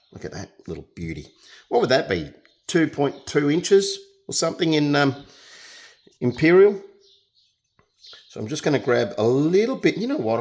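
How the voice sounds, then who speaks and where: A man's voice: medium pitch, darkish tone. A young Australian man chatting casually through a painting demonstration, joking as he works. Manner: chatty, jokey, talks while working. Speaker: painting tutor.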